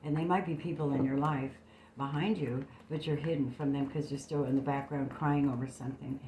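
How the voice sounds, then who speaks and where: A woman's voice: extremely low pitch, fairly even intonation, fairly quick, noisy background. A woman giving a casual tarot reading to camera, blunt and emphatic, swearing freely, recorded on a phone. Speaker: tarot reader. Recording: echoey room.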